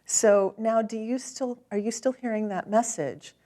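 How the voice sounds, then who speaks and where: A woman guiding a client through a tapping session, calm and gently directive, encouraging as she gives each step. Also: fairly high pitch, measured pace. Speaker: tapping practitioner.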